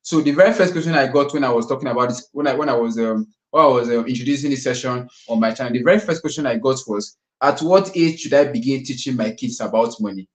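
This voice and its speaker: A man's voice: medium pitch, quick pace, hardly any pauses. Chatty man hosting in a roomy studio. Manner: chatty, laughs often, many fillers. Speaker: host of a live kids' finance session. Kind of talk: casual live-stream hosting.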